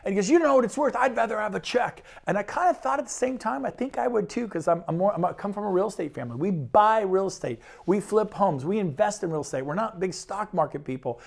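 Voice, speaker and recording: Man, high voice, enthusiastic, persuasive, real estate broker, sales pitch. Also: animated, vocal fry. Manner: enthusiastic, persuasive, rapid lists.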